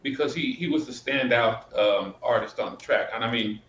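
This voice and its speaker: A man chatting casually as a podcast co-host, easygoing and measured. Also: mid-range voice, fairly bright tone. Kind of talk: casual chat. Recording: roomy, muffled with faint noise.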